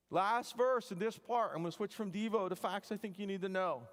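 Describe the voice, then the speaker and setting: A man, an engineering professor, giving a joking, animated devotional talk to students, full of wry asides. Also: high voice, quick pace, few pauses. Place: chapel hall. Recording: long hall reverb.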